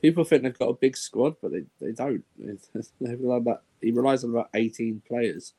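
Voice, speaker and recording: A man's voice: medium pitch, brisk, slightly rough. A man with an everyday mid-range voice talks through his football picks in a casual chat. He rambles, doubles back and sighs as he goes. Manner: relaxed, rambling predictions.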